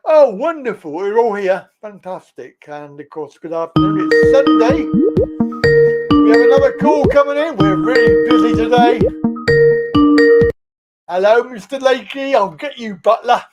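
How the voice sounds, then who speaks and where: A man's voice: extremely high pitch, animated, unhurried, loud music behind the voice. A man with an English accent hosting a casual live stream, chatting with callers and laughing often. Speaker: livestream host.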